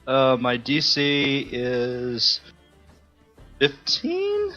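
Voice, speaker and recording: A man's voice: mid-range voice, fairly even intonation, fairly bright tone. Man, tabletop player, dull recording, faint music, laughs a lot. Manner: laughing, hesitant, drawn-out fillers. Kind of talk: tabletop game chat.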